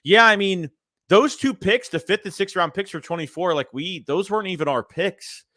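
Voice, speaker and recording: A man with a stuffy nose hosting a casual sports livestream, rambling and animated as he reads chat messages aloud. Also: high-pitched, normal speed, no echo, clean studio sound. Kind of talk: casual live-chat commentary.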